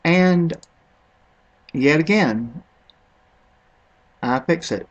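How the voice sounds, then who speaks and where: A man's voice: fairly high pitch, expressive, extremely slow, highs cut off. Offhand rambling man vlogger. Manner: offhand, rambling, unsure of pronunciations. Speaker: vlogger comparing products. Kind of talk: casual screen-recorded commentary.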